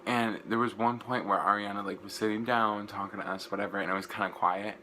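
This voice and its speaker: A young man, gushing and rambling through an excited casual vlog recap, full of "like" fillers. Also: on the low side, a little fast, a little hiss or hum, low-quality recording. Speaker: vlogger.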